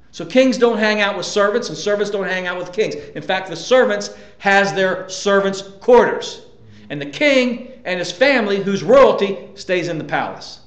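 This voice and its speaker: High-voiced man preaching emphatically. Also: roomy sound. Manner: emphatic preaching with rhetorical questions. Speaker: pastor. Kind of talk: sermon.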